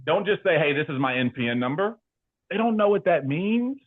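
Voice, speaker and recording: Slangy, animated man on a tinny line. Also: a little high, brisk. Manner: animated and slangy, full of filler words. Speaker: insurance agency leader and guest. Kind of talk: casual interview talk.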